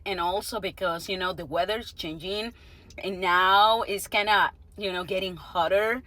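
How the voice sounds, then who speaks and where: A woman reviewing fast food in a casual vlog, chatting between bites and murmuring softly as she tastes. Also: medium pitch, steady tone. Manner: unhurried and chatty, with soft murmurs while tasting.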